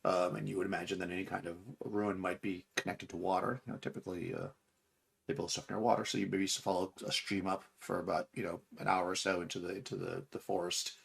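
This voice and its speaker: A man's voice: low-pitched, flat delivery, fast, gravelly, breathy edge. A man narrating as game master for a tabletop game, rambling with fillers and restarts.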